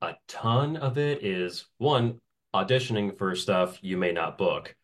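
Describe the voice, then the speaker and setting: A relaxed male voice actor with a slightly low voice, chatting through an interview. He breaks into laughter often and keeps his telling loose and animated. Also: measured pace. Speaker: voice actor guest. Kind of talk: casual interview storytelling.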